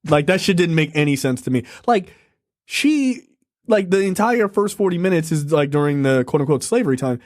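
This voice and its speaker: Guy ranting about a movie, high lively voice, dry close mic. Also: normal speed, no echo. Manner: animated, profane, laughing. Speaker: podcast co-host. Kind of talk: casual review chat.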